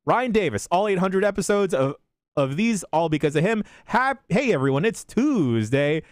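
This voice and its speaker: A man hosting a podcast, reading a rapid list of listener shout-outs in a deadpan way with crude jokes. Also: dry recording, studio quality. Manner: deadpan delivery with sudden pitch jumps and crude jokes.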